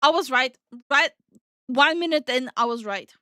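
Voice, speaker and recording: Exasperated ranting woman, higher voice. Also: normal speed, bright, forceful tone, no echo, studio quality. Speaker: VTuber co-host. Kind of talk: casual reaction commentary.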